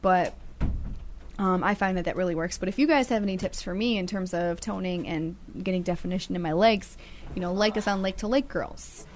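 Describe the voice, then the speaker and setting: A woman's voice: lowish voice, brisk, a little hiss or hum. A woman co-hosting a casual web talk show, chatty and encouraging, with playful teasing. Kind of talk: casual chat.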